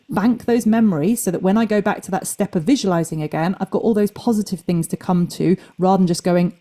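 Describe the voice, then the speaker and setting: A woman's voice: lowish voice, brisk, mellow. A woman fitness coach giving a live online talk, chatty and acting out anxious inner thoughts.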